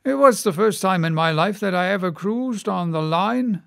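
A man's voice: high voice, lively intonation, normal speed, vocal fry, dry recording, clean studio sound. A man voicing a good-humoured, chatty one-armed ship captain who tells a long yarn, in an audiobook reading. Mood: storytelling.

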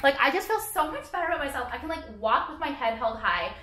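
A woman's voice: high-pitched, sing-song, fast talker, bright, forceful tone. A young woman talking straight to camera in a casual vlog rant, swearing often and saying "like" constantly. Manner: profane, filler-heavy, sarcastic. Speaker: vlogger. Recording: echoey room.

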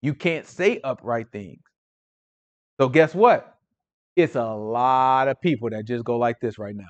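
A man leading an informal Bible study, animated and preachy with a slangy, conversational way of talking. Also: medium pitch, measured pace, lo-fi sound. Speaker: Bible teacher.

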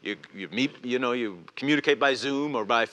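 Bright-voiced pastor preaching in a hall. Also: male voice, mid-range voice, a little fast. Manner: earnest, repeats words and restarts. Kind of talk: sermon. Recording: reverberant church hall.

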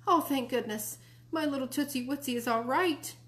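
A woman's voice: sits high, moderate pace, a bit bright, voice pushed up. A woman playing a frazzled, scolding mom. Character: frazzled, anxious mother of three. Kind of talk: read-aloud storybook.

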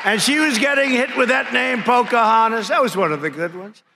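A man's voice: extremely high pitch, brisk. A man in his seventies giving a political rally speech, boastful and mocking, repeating his punchlines and tossing out nicknames from a podium microphone. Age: 70s. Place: large conference hall before a crowd. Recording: hall reverb with crowd and room noise.

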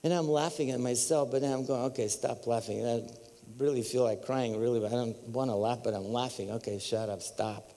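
A man with a Bulgarian accent telling his testimony as a preacher, animated and storytelling, breaking into high exclamations and laughter. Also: fairly quick, in a large hall. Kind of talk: testimony sermon. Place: large church hall.

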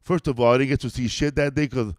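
Here a comedian co-hosts a podcast, his medium-pitched, darkish voice fast and fairly even in intonation. The recording is dry and clean, studio-made, as he rambles through casual stories, dropping "bro" and "dog" often.

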